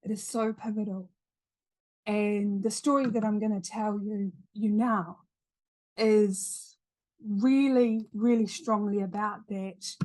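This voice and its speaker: A woman's voice: mid-range voice, fairly even intonation, takes it slowly, a little mellow. A middle-aged woman with a New Zealand accent, a podcast guest telling a story in earnest, repeating phrases for emphasis. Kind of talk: storytelling in an interview.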